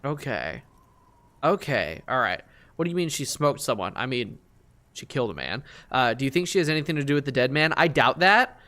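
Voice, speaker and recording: A young man live-streaming a game, reasoning aloud through his choices, excitable and full of fillers. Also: mid-range voice, brisk.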